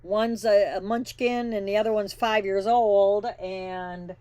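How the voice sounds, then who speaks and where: A woman's voice: mid-range voice, fairly even intonation, takes it slowly, warm tone, no echo. Blunt, folksy woman reading trucking news. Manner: opinionated, blunt asides. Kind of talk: casual news reading with commentary.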